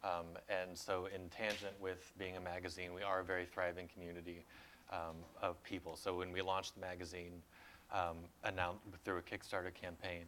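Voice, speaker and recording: A man's voice: low-pitched, flat delivery, moderate pace, background noise. A man introducing his magazine as a panelist at a conference, explaining things eagerly.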